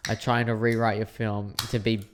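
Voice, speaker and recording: A man's voice: on the low side, little pitch movement, normal speed, slight background noise. A tipsy man co-hosting a film podcast, chatting casually and rambling with many repeated words. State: tipsy from drinking. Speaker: podcast co-host. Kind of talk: casual film review chat.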